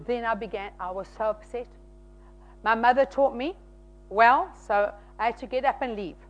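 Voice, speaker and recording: A woman preaching a sermon, from South Africa, telling stories in an animated, emphatic way. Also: on the high side, moderate pace, highs cut off. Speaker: pastor's wife and church leader.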